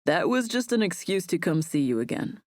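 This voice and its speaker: A woman narrator voicing a tender young man with a gentle, reassuring manner. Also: fairly low pitch, big pitch swings, fairly quick, no room sound, clean studio sound.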